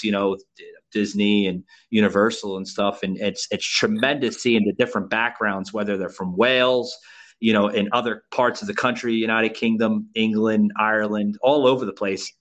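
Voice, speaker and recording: This man's fairly low voice carries a bit of brightness. He is an American from Florida who hosts a podcast, keeping the interview chat casual, full of repeats and "you know".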